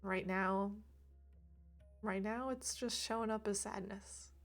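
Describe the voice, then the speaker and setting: A woman speaking gently and reflectively on a livestream about emotions, laughing lightly now and then. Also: medium pitch, fairly even intonation, slow pace, faint music behind. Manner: soft, reflective, laughs lightly, drops to near whisper at times. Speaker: reiki streamer. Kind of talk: gentle spiritual talk on a livestream.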